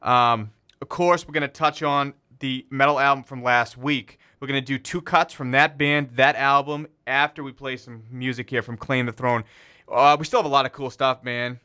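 Bright-voiced rambling radio DJ man. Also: mid-range voice, steady tone, normal speed, clear, resonant tone. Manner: rambling, loose with fillers and self-corrections. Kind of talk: casual radio show patter. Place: small radio station studio.

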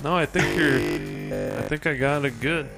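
A man's voice: a little high, moderate pace, poor audio. A man hosting a radio show, chatting in a loose, laid-back, slangy way over a computer mic. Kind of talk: casual live chat. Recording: music playing loudly behind.

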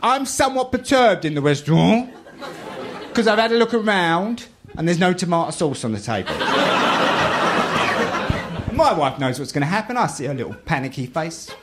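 A man's voice: on the high side, big pitch swings, moderate pace, long pauses, very noisy. A man with a London accent telling comic stories with wry, mock-posh asides, then hosting a chat. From southeast London. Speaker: host. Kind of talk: stand-up comedy then group chat. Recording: crowd laughter behind.

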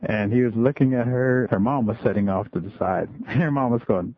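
A man who works as a school and community storyteller, telling a story in a relaxed, folksy way. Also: on the low side, brisk, few pauses, husky, dry recording. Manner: relaxed folksy storytelling, many "just kinda". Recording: tinny phone-like radio line.

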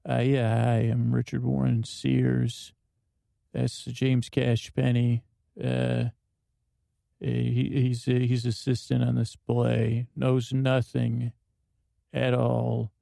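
A man playing a gravelly grouchy know-it-all. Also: medium pitch, completely flat delivery, slow, mellow, no room sound. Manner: rambling, dry, blunt asides. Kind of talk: improvised comedy scene.

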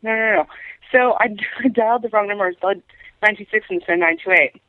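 A woman's voice: mid-range voice, fast talker, no echo. A tired young woman calling in to a radio show, rambling through a story with lots of fillers. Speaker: caller. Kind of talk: telling a story on a call-in show. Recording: dry, tinny phone line.

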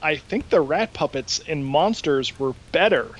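A man hosting a podcast, casually recapping a show in an animated way and swearing freely. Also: a little high, a little slow, rough recording. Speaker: podcast host. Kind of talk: casual chat, recapping an episode.

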